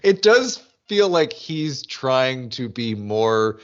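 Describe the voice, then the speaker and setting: A man co-hosting a podcast in casual chat, animated and full of restarts as he talks. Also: mid-range voice, slow, muffled recording. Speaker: podcast co-host. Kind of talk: casual chat recapping a TV episode.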